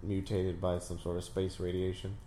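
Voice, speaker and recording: A man's voice: sits low, moderate pace. A man chatting casually and joking while watching a movie with a friend. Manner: joking, animated banter with laughter. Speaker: co-viewer reacting to a movie. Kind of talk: casual chat. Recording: roomy sound with faint background noise.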